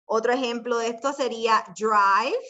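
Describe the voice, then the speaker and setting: A woman's voice: fairly high pitch, a little fast, pushed and bright, dull audio. A woman teaching an English class, patiently explaining step by step, switching between English and Spanish, and quizzing her students. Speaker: ESL teacher. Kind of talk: bilingual classroom lesson.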